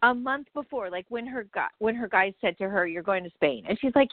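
A woman's voice: a little high, animated, a little fast, hardly any pauses, no room sound. A woman co-hosting a podcast, animatedly teasing her friend and talking straight to the listeners. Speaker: podcast co-host. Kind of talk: casual chat. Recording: dry, phone-like sound.

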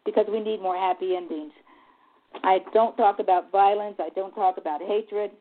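A woman's voice: medium pitch, steady tone, normal speed. Earnest woman on a tinny phone line. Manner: earnest, heartfelt, openly emotional. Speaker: guest. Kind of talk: talk radio interview.

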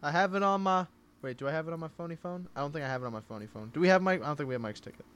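A man hosting a casual horse racing picks show, animated and jokey with playful wordplay. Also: a little high, very fast, smooth, lo-fi sound. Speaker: host. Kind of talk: casual harness racing handicapping chat.

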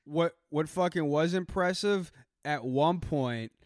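A man's voice: a little high, takes it slowly, dry recording, studio quality. A man co-hosting a podcast, chatting casually with profane, joking commentary. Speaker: podcast co-host. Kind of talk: casual chat.

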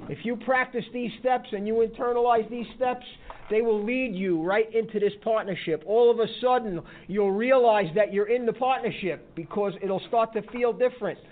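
A man's voice: sits high, normal speed. A man telling a folksy story to a recovery group, often checking in with a "huh?". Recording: tinny phone-like sound.

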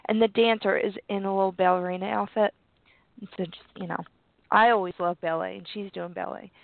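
A woman's voice: medium pitch, steady tone, fairly quick, vocal fry. A woman with a cold, chatting casually and giggling often. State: sick with a cold. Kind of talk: casual chat. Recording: tinny phone-like line, dry.

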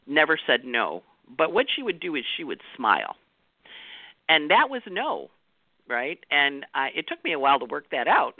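A woman astrologer talks through her weekly forecast in a chatty way, laughing often and acting out the voices she quotes. Her pitch swoops and jumps with lots of animation. The sound is dry and narrow, like a phone line. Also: no echo.

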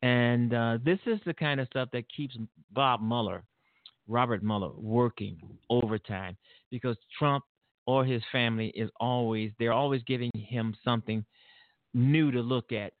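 A man hosts his own show and rants in outraged, rambling commentary, often stopping to laugh and restart his sentences. His voice is thin and boxy, as if it came down a phone line, with no room sound around it. He sits at a middle pitch. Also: moderate pace, no room sound. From Illinois, USA. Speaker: show host. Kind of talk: solo political commentary. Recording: dry tinny phone-like sound.

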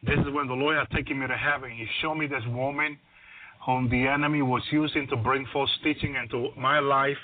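A man's voice: mid-range voice, fairly quick. A man preaching a testimony on a radio ministry program. He restarts his sentences often and says "hallelujah" after almost every phrase. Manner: repeats "hallelujah" constantly, stammering restarts; grows louder and more excited. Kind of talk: testimony sermon. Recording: dry, phone-like radio broadcast line.

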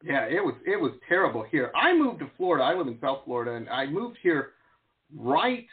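Lively male host on a tinny line. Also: on the high side. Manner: chatty, animated, quick agreement. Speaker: show host. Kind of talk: casual interview. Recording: tinny phone-line sound.

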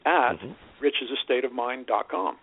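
Guy, author on a radio show, clear and explainy, sounds like a phone call. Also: medium pitch, normal speed. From Canada. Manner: articulate, explanatory. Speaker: author guest. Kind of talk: radio interview. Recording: tinny phone-like radio audio.

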